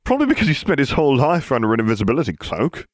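A man's voice: mid-range voice, wildly swooping pitch, rapid-fire, no room sound, studio quality, voice pushed up. A man voicing a blunt, mocking teenage schoolboy in an audiobook reading.

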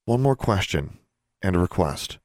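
A man voicing a curious young witch girl who asks quick questions. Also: sits low, lively intonation, a little mellow, dry recording, studio quality. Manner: inquisitive, rapid questions.

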